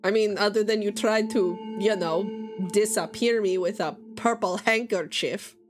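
A woman voicing a talking haunted sword with a put-on fantasy accent, speaking in an indignant, fussy, deliberate way. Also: medium pitch, over music, close to an everyday voice.

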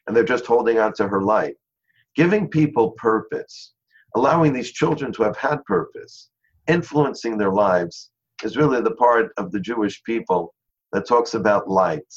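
A man guest in an interview, telling a story in an earnest way and slowing down on key phrases. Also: fairly low pitch. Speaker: interview guest, charity founder. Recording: dull lo-fi sound.

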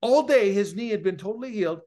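A man with a fairly high voice shares a personal faith testimony as a guest in an interview. He tells it earnestly and with feeling, his voice growing louder at the high points of the story. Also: lively intonation, fast talker. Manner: earnest, emotional storytelling that swells louder at its peaks. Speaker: preacher and author, interview guest.

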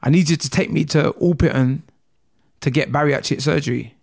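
A man's voice: fairly high pitch, brisk, creaky, darkish tone. A man in his thirties from England, telling his story candidly as an interview guest in a rambling, emotional way that repeats phrases. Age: 30s.

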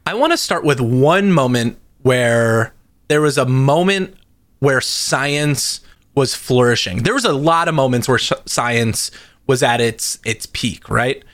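A man co-hosting a casual podcast chat, telling stories in an animated way and jumping his pitch for emphasis. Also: a little slow, dry recording, studio quality. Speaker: podcast co-host.

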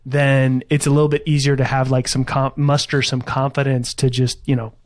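A man's voice: medium pitch, level tone, moderate pace, dry recording. A male podcast host reflecting on a guest's story and giving sales advice in a reflective, coaching tone. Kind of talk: conversational interview.

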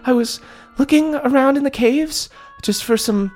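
A man's voice: very high-pitched, moderate pace, a little mellow, faint music behind, pitched above the performer's own voice. A man voicing a young, timid female bullywug frog girl who stammers and apologizes nervously.

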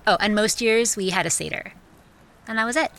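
A woman's voice: mid-range voice, a little fast, a bit bright, poor audio. A young woman from Texas, a university student, speaking candidly as an interview guest. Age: young adult. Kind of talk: casual interview chat.

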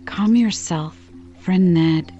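Woman reading quiet loyal servant, hushed and soothing, storybook, slow, dark tone. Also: lowish voice, muffled recording, soft background music. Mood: calming. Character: calm, loyal male servant.

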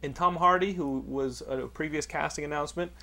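A man's voice: fairly high pitch, fairly even intonation, brisk, gravelly, bright, forceful tone. A man hosting a casual chat, joking and rambling with frequent restarts. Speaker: podcast host. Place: Los Angeles area studio.

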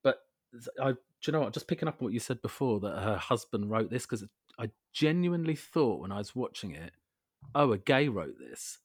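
A man co-hosting a podcast, chatting casually about an old film with wry, drawn-out emphasis and quoted lines. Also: medium pitch, lively intonation, breathy edge, dry recording, studio quality. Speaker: podcast co-host.

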